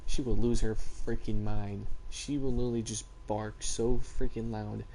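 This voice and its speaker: A man's voice: on the low side, level tone, moderate pace, warm tone, a little hiss or hum. A teenage boy chatting casually and rambling as he tells stories in a vlog. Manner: rambling, laid-back storytelling. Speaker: vlogger. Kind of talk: casual chat.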